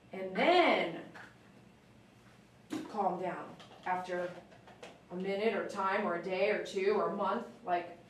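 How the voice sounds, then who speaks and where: A woman's voice: mid-range voice, slight background noise. A woman dog groomer chatting casually on a live stream as she works, coaxing the dog in a sing-song voice. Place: grooming room. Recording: very echoey room, mic at a distance.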